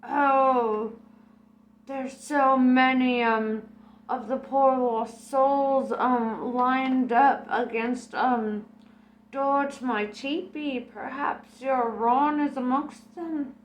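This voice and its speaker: A woman's voice: sits high, steady tone, extremely slow, reverberant, a little hiss or hum, voice pushed up, rough recording. A woman voicing a theatrical fake medium with a showy, dramatic delivery.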